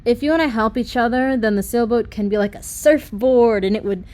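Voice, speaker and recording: A woman's voice: fairly high pitch, brisk, darkish tone, voice pushed up, lightly acted. Woman reading as a bold, eager teen witch girl. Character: upbeat bold teenage girl with wind magic.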